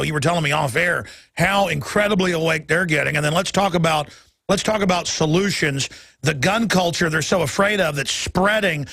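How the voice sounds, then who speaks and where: A man hosting a talk radio show, talking urgently and quickly with stumbling restarts. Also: fairly high pitch, creaky, a bit bright, no echo.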